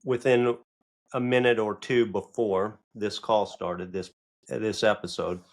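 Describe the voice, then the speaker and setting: A middle-aged man with a low voice hosts a podcast conversation. He tells his story haltingly, with frequent restarts and repeated words, sounding openly critical of himself. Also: steady tone. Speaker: podcast host. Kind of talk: casual conversation.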